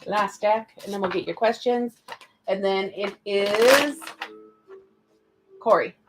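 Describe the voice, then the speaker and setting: A woman's voice: mid-range voice, slow pace, music in the background, poor audio. Chatty woman doing live card readings. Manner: chatty, calls viewers darling and sweetie. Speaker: spiritual reader.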